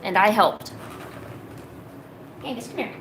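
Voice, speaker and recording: A woman's voice: medium pitch, lively intonation, slow, background noise. A woman streaming casually while drawing, chatting playfully to her cats.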